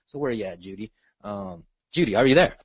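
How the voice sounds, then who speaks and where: A man's voice: on the low side, animated, fast, slightly rough, no room sound, dull audio. A man leading a live online sales training, asking the audience questions and checking in often. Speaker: real estate sales trainer.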